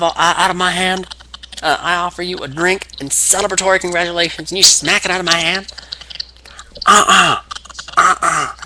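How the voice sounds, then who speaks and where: A man's voice: high voice, pushed and bright, a little hiss or hum, pitched above the performer's own voice, exaggerated voice, low-quality recording. A man putting on the voice of a tough, beer-drinking male brawler who threatens his rival.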